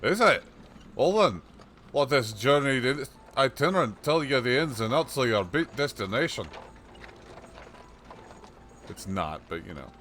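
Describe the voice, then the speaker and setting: A man's voice: mid-range voice, very animated, a little slow, pauses often, fairly bright tone, a little hiss or hum. A man doing a chatty old peddler. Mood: folksy. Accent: put-on rustic accent. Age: older. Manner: rustic folksy dialect, rambling storyteller. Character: chatty old male peddler, folksy and shrewd. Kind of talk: reading game dialogue aloud on a livestream.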